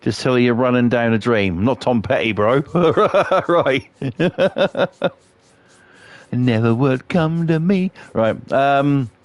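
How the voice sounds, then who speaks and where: A middle-aged man tells loose, rambling stories during a live stream and swears freely as he goes. His voice sits at an ordinary mid pitch and sounds dry and close, with almost no room sound. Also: lively intonation, takes it slowly, dry recording. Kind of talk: casual storytelling while playing a game live.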